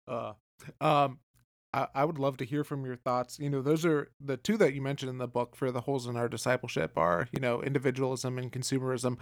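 A man's voice: mid-range voice, steady tone, a little fast, dry recording, clean studio sound. A male podcast host asking interview questions hesitantly, with many ums and restarts.

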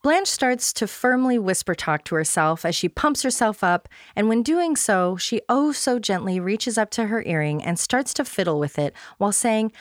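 A woman's voice: medium pitch, big pitch swings, normal speed, few pauses, no echo. Woman host reading a playful recap, dry. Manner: playful, self-deprecating humor. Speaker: podcast host. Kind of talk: scripted recap read aloud.

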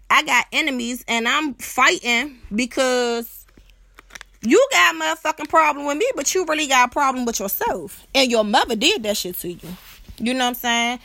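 A woman's voice: on the high side, no room sound, studio quality. Blunt, profane woman telling a story. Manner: blunt and profane, keeps asking "you know what I'm saying"; animated, acts out other people's voices. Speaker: podcast host. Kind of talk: casual storytelling monologue.

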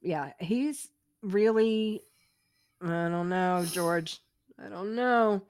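A woman co-hosting a podcast, agreeable and quick to laugh, often chiming in with short affirmations during casual chat. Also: mid-range voice, a little mellow, clear, resonant tone. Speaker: podcast co-host. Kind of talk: casual reality-TV recap chat.

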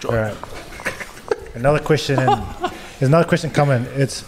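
A man's voice: medium pitch, moderate pace, noisy background. A man co-hosting a casual podcast, speaking in a laid-back, joking way. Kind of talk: casual chat.

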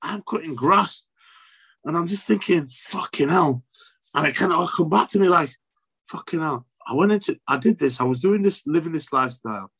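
A young man, an interview guest telling an emotional personal story, halting and repetitive, swearing often. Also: fairly high pitch, lively intonation, a bit bright, husky.

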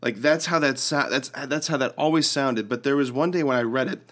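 A man's voice: brisk, few pauses. A man co-hosting a casual faith podcast, chatty and full of "like", acting out quoted lines with a lifted voice. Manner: animated, acts out quoted lines with rising pitch; lots of "like" and restarts. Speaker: podcast co-host.

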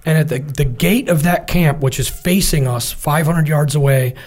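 A man's voice: on the high side, moderate pace. Man telling a vivid combat story. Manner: vivid storytelling, animated quoting of comrades. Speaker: military veteran guest. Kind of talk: conversational war storytelling.

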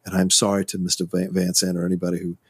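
A man talking films on a podcast, emphatic and opinionated. His voice is gravelly and a little husky, recorded dry and close. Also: sits low, monotone, fast, no echo. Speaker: podcast co-host. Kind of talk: casual film discussion.

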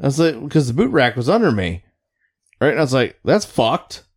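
A man's voice: mid-range voice, fast talker, breathy edge. A man who served as a Navy petty officer, telling a profane story in casual chat with friends. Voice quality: swears constantly, animated storytelling.

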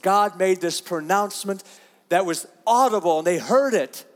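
A man's voice: sits high, normal speed, in a large hall. A man preaching a sermon, earnest and repeating himself, reading scripture aloud. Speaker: pastor.

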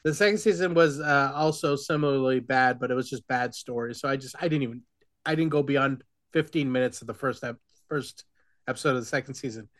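A man's voice: medium pitch, a little fast, fairly bright tone. A man co-hosting a podcast in casual chat, rambling through his opinions with many restarts and wry complaints. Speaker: podcast co-host.

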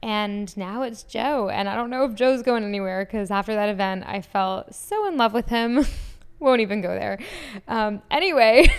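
Gushing young woman podcaster, smooth voice. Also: medium pitch. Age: 20s. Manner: gushing, enthusiastic, many "like" fillers. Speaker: podcast host. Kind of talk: casual solo podcast chat.

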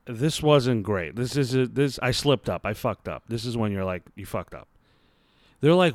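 A man's voice: fairly low pitch, lively intonation, normal speed, no room sound, studio quality. A man in his thirties hosting a podcast, telling a story in a casual, rambling, self-mocking way full of swearing. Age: 30s. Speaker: podcast host. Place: lying on his bed at home.

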